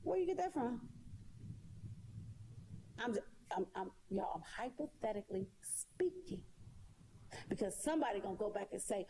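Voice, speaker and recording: A woman's voice: mid-range voice, very animated, normal speed, pauses often, mellow, a little hiss or hum. A woman talking straight to her viewers in a casual monologue, sassy and emphatic, repeating her points. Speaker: live streamer.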